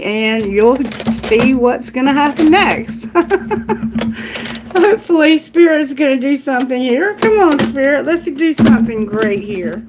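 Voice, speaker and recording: A woman's voice: on the high side, a little hiss or hum. A middle-aged woman giving a live tarot reading, chatty and laughing often, talking aloud to spirit and to her candle. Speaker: tarot reader.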